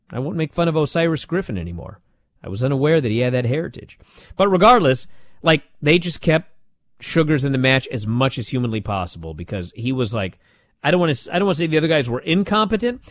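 Animated man recapping wrestling. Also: on the high side, quick pace, no echo. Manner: animated, sarcastic storytelling. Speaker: wrestling show reviewer. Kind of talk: casual recap commentary.

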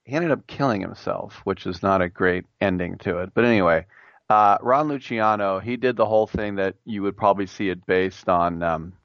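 A middle-aged man hosting a sports talk show, animated and joking, acting out quoted voices as he rants. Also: low-pitched, normal speed, dry recording, muffled recording. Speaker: sports radio host. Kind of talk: solo sports talk monologue.

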